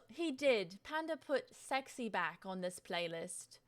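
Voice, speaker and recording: A woman's voice: medium pitch, sing-song, slow pace, few pauses. A woman streaming on Twitch, chatting casually as she sets up, rambling, swearing freely and poking fun at herself.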